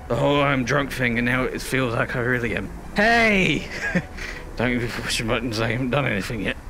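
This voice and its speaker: A man's voice: a little high, vocal fry, bright, forceful tone. A man giving theatrical, rambling commentary on a VR game while hamming up a drunk character. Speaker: VR gameplay streamer. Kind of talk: comedic VR gameplay commentary.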